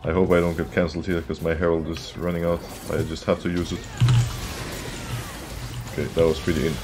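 A man with a very low, deep voice talks his way through a live game, reacting loudly, laughing and chatting with his viewers. Soft music plays behind him. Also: brisk. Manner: excitable, laughing, talks to chat. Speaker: streamer playing a game. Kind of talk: casual live game commentary.

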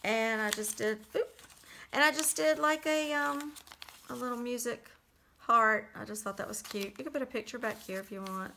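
Bright-voiced woman chatting through her journal. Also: on the high side, normal speed, vocal fry, a little hiss or hum. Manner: chatty, relaxed, many fillers. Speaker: crafter showing a handmade journal. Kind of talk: casual flip-through narration.

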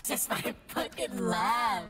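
A woman's voice: mid-range voice, slow pace, a crowd in the background. A woman teammate chatting playfully and swearing during a game. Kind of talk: casual gaming chat. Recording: music playing behind voice.

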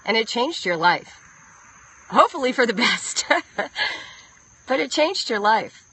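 High, bright-voiced woman giving an earnest talk. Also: sing-song, measured pace, slightly rough, dry recording, low-quality recording. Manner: earnest, emotional, repeats key lines for emphasis. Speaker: homeschool writing coach. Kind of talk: live-streamed motivational talk. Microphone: phone close up.

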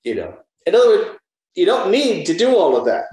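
A man's voice: high-pitched, wildly swooping pitch, brisk, a little mellow. A man in his seventies from the United States, an actor being interviewed, thoughtfully telling stories and giving advice. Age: 70s. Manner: thoughtful, storytelling, gives advice. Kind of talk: reflective conversational interview. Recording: roomy echo.

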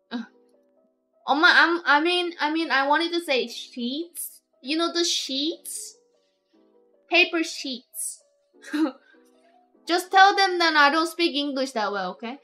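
Woman, high and sharp-toned, giggly rambling stream chat. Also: lively intonation, slow pace, long pauses, faint music behind. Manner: rambling, giggly, lots of restarts. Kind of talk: casual live-stream chat.

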